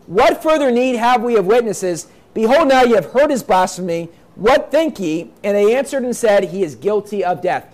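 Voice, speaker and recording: Guy preaching a sermon, real high voice, reads the bible then hammers it home. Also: animated, moderate pace, hardly any pauses. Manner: reads scripture aloud then explains it in plain talk; emphatic, repeats points, acts out quoted voices.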